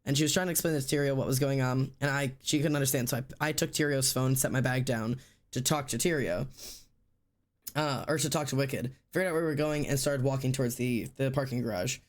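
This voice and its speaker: A man's voice: medium pitch, fairly quick. A male streamer telling a story in casual chat, rambling with lots of fillers and acting out what people said. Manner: rambling, filler-heavy, acts out quotes.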